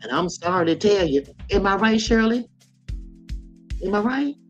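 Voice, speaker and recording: A woman's voice: medium pitch, expressive, moderate pace, lo-fi sound, soft background music. A woman in her sixties hosting a casual live chat, talking frankly in a folksy way and laughing often. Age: 60s. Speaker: live stream host.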